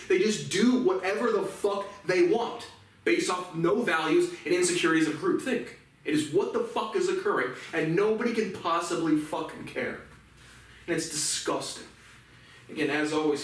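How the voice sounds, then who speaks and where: Man, solo vlogger, angry profane rant, slightly high voice, far from the mic in a boomy room. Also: heavy reverb. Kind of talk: ranting monologue.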